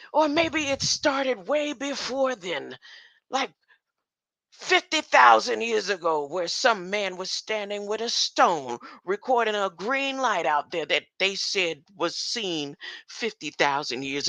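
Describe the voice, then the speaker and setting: An older woman rambles through a loose online monologue, her voice bright and forward. She keeps tossing in "huh?" and little chuckles, and the sound is close and dry. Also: medium pitch, vocal fry, no room sound. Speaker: online commentator.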